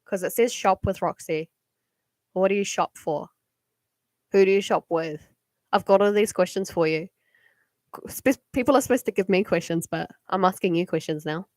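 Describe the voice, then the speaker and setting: A young woman with a New Zealand accent chats to her live-stream viewers. She rambles and fills every pause with "like" and "um", and she giggles often. Her voice sits at an ordinary pitch, recorded close in a dry room. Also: darkish tone, no echo. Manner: rambling, many "like" and "um" fillers, giggly. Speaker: livestream card reader. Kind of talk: casual live-stream chat. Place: home at night.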